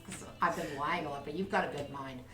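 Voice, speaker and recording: A woman's voice: deep voice, fairly quick. A woman playing a tabletop game, breezy and joking. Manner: breezy, joking, laughs often. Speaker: player. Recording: echoey room, off-mic.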